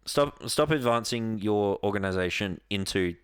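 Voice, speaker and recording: A man's voice: lowish voice, lively intonation, moderate pace, smooth, dry recording, clean studio sound. A man co-hosting a casual podcast, blunt and sweary, explaining things at length. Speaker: podcast co-host. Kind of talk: casual chat.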